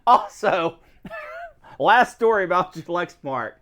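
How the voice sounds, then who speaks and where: A man chatting casually as a co-host, his pitch jumping all over as he tells stories. He acts out other people's lines with big swings in his voice. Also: lively intonation, unhurried, fairly bright tone. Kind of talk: casual chat.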